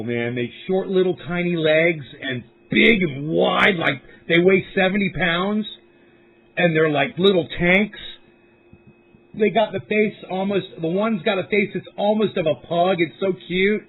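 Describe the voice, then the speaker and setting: A man's voice: high-pitched, measured pace, vocal fry. A man hosting a casual livestream from home, rambling in a laid-back way and swearing freely. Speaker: livestream host. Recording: tinny phone-like audio.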